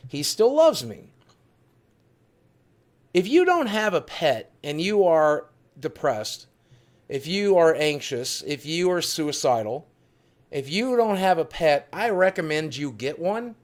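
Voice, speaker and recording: A man with a fairly high voice and wide swings in pitch speaks slowly. He is hosting a livestream from his studio, sounding earnest, heartfelt and confessional, and he repeats things for emphasis.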